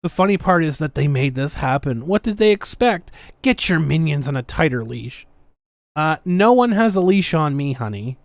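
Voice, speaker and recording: A woman's voice: deep voice, lively intonation, normal speed, no room sound, studio quality. Sarcastic ranting woman podcaster. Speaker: podcast host. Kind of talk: casual podcast commentary.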